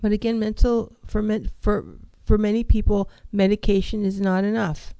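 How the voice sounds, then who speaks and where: A woman's voice: medium pitch, normal speed, vocal fry, dark tone, no room sound, poor audio. A woman counselor giving an emphatic motivational talk on mental health, asking rhetorical questions and repeating key phrases.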